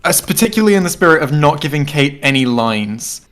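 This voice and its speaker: A man's voice: on the high side, big pitch swings, a little fast, a bit bright. Man brainstorming casually, full of fillers. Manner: eager, thinks aloud with many fillers and restarts. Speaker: co-writer and co-host.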